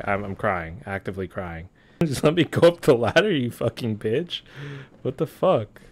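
A man's voice: fairly low pitch, normal speed. A young man streaming a game, reacting with profane jokes and sudden yelps. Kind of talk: gameplay commentary.

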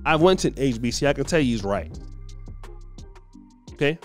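A man's voice: mid-range voice, animated, normal speed, faint music behind. A man hosting a commentary show, talking emphatically and repeating words as he makes his point. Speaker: commentary host. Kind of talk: casual commentary.

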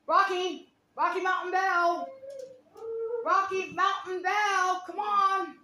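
A woman's voice: very high voice, steady tone, takes it slowly, pushed and bright, roomy sound. A woman filming her dogs at home, coaxing and scolding them between commands. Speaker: dog owner filming her pets. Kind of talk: casual home vlog narration. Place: home, near a kitchen.

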